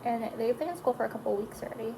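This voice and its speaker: A woman's voice: on the high side, racing, vocal fry, noisy background. A woman, a mother of four chatting casually while doing her makeup, emotional and rambling with lots of fillers. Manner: chatty and emotional, drifting between topics with frequent likes and fillers.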